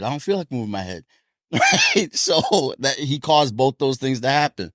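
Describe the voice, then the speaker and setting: A man's voice: medium pitch, normal speed, no echo, clean studio sound. A man co-hosting a casual talk show, telling sparring stories with frequent laughter. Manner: laughing storyteller, animated. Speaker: podcast co-host, boxer. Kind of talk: casual chat.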